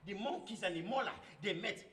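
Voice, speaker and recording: Lively, chanting male storyteller. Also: sits high, fairly quick, crowd noise. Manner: dramatic, rhythmic, singsong chanting. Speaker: guest storyteller. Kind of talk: live oral folk tale with chants. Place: library event hall. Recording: echoey hall, faint noise.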